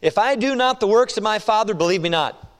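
A male pastor preaching a sermon, reading scripture slowly and pressing his point with rhetorical questions. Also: sits high, lively intonation. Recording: long reverb of a hall.

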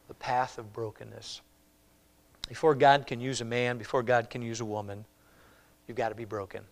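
A man preaching a sermon as a pastor, conversational, often checking in with "all right?" and moving between loud emphasis and quiet asides. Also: medium pitch. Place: church.

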